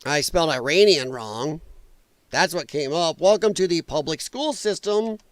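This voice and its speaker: A man's voice: fairly high pitch, expressive, normal speed, no echo. A middle-aged man hosting a casual political livestream, rambling and joking while reading chat aloud. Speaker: livestream host.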